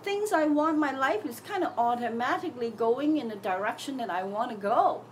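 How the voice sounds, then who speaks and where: Brief: middle-aged woman, higher voice, very animated delivery, acts out her inner voices, audible noise and birds behind. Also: normal speed, rough recording. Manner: acts out voices in her head, lively and candid. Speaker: self-help teacher. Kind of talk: casual reflective monologue.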